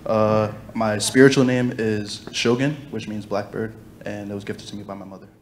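A man from Connecticut introducing himself as a singer in a quiet, plain way. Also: on the low side, steady tone, moderate pace, very noisy. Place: TV studio before a live audience.

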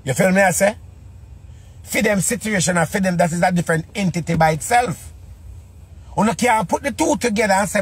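A man's voice: high voice, fast talker, slightly rough, no echo. A man with a Jamaican Patois accent giving a casual monologue, full of repeated rhetorical questions.

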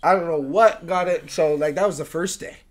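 A man's voice: a little high, brisk. A man, a music producer, telling a rowdy story in a casual podcast chat, laughing and swearing as he goes. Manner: animated, profane, laughing storyteller.

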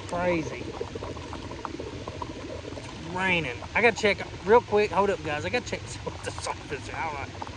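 Southern US man, late 30s, rambling fishing vlog, slightly high voice, loud rain on an action camera. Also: heavy background noise. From Tennessee, United States. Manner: chatty, rambling, jokey, laughs nervously. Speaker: fishing vlogger. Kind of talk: casual running commentary to camera. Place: outdoors on a lake in a thunderstorm. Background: heavy rain.

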